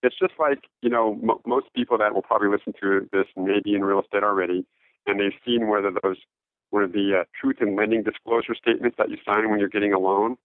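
A man's voice: fairly low pitch, fairly even intonation, dry recording. Man on a tinny phone line. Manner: halting, many fillers and restarts. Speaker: interview guest, note investor. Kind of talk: casual interview talk.

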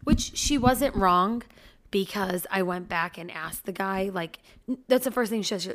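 A woman in her thirties, co-hosting a relaxed chat. She tells stories about her family in an animated way, full of quick asides and laughter, in a mid-range voice. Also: mid-range voice. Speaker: podcast co-host. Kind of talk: casual chat.

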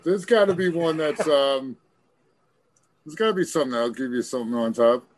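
A man's voice: medium pitch, moderate pace, no echo. A man teasing his friends in loose chat, swearing. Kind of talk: casual chat among friends.

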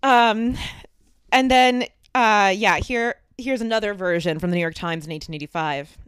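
A woman's voice: mid-range voice, moderate pace, clean tone, no room sound. A woman co-hosting a podcast, casually telling a true-crime story and reading old newspaper accounts. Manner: lively storyteller, acts out quoted voices. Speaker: podcast co-host.

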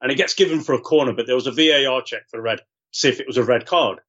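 A man's voice: mid-range voice, rapid-fire, fairly bright tone, slightly rough, highs cut off. A man, a podcast guest, chatting casually about football and pressing his point insistently.

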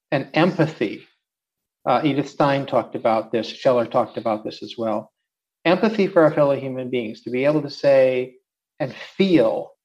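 A man's voice: medium pitch, darkish tone. Thoughtful man, lo-fi call audio. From United States. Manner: measured, thoughtful, explanatory. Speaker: philosopher guest. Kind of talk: reflective interview talk.

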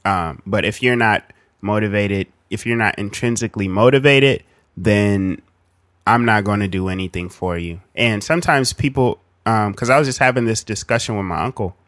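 Low-voiced man musing on a podcast. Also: moderate pace, a bit bright, no room sound, clean studio sound. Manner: reflective, rambling, many ums. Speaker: podcast co-host. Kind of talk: casual chat.

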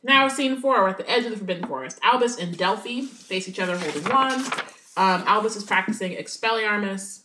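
Fairly quick, pushed and bright, her mid-range voice drives a casual podcast conversation where she co-hosts, talking a lot, saying "like" often and swearing casually. Roomy echo fills the recording, along with a little hiss or hum.

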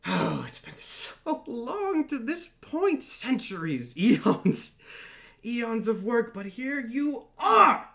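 Theatrical dream god, slow gloating monologue, high and sly, voiced by a man. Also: wildly swooping pitch, a bit bright, heavily acted.

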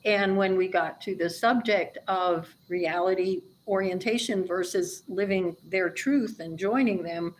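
A woman's voice: lowish voice, unhurried, hardly any pauses, a little hiss or hum, poor audio. A woman who teaches dementia care, explaining her approach in an earnest, emphatic way during an interview. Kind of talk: interview conversation.

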